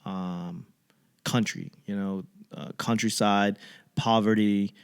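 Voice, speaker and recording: Rambling comedian. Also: male voice, on the low side, fairly even intonation, takes it slowly, vocal fry, clear, resonant tone. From Boston. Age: young adult. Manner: digressive, joking, puts on mocking voices. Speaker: comedian podcast host.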